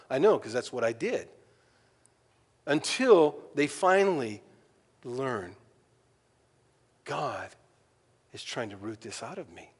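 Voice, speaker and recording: A man preaching a sermon with a lively, swooping delivery, acting out little conversations and poking fun at himself. His voice rings out with a long echo, as if it fills a large church sanctuary. He talks in a plain, homespun way. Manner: animated, acts out quoted dialogue with jumps in pitch; folksy, self-deprecating humor. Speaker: pastor.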